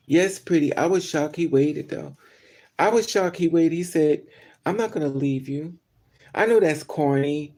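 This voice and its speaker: A man's voice: fairly high pitch, gravelly, dark tone. A man chatting candidly with his livestream viewers, telling a personal story and answering comments. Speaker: vlogger.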